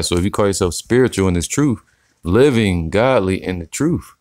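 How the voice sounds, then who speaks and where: A man giving casual, slangy religious commentary, reading scripture slowly and tagging his sentences with "man". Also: sits low, dry recording, studio quality. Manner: slangy, profane, preachy, says "man" often; slow deliberate scripture reading.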